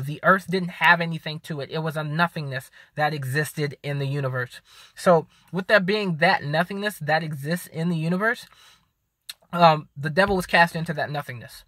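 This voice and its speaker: A man talking casually to camera, rambling and restarting, tired and hiccuping after a workout. His voice is bright and a little higher than most men's. The recording is dry and close. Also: normal speed, dry recording. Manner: rambling, with many ums and restarts. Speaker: video host.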